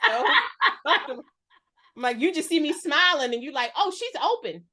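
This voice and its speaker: A woman's voice: high voice, brisk. A woman in her forties chatting casually as a podcast guest, telling stories and acting out voices. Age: 40s. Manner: animated storyteller, acts out voices. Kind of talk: casual conversation.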